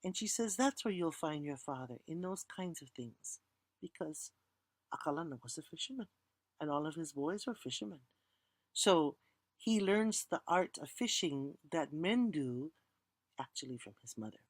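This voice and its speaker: Lecturer, storytelling, recites chant then explains, mid-pitched voice, dry sound. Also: expressive, moderate pace, dry recording. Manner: invites the audience to repeat words. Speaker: teacher.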